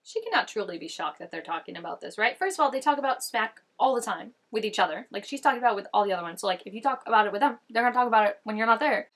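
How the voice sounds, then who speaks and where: A woman's voice: mid-range voice, lively intonation, racing, hardly any pauses, a bit bright. Young female reaction host; loose, thinking-aloud chatter, filler-heavy. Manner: chatty, musing, heavy on "like" and "I don't know". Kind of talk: casual reaction commentary.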